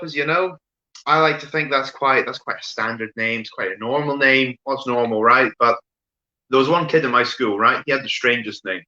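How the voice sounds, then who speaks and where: A man doing an online stand-up set of deadpan one-liners, often tagging "right?" and pausing with fillers. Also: medium pitch. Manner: deadpan delivery with frequent "right?" asides and fillers. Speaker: stand-up comedian. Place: home room, streamed online show. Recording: roomy echo, dull lo-fi sound.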